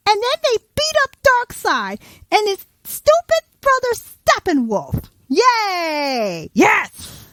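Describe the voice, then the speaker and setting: A woman hosting a podcast, telling a story in a playful, animated way. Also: sits high, no room sound. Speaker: podcast host. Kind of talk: casual storytelling.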